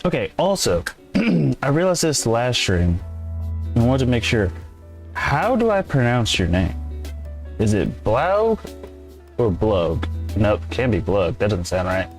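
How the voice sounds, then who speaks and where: A man's voice: medium pitch, big pitch swings, a little slow, faint music behind. A man streaming a farming game, chatting casually and rambling as he answers his viewers' chat. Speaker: gameplay streamer. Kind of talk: casual live-stream commentary.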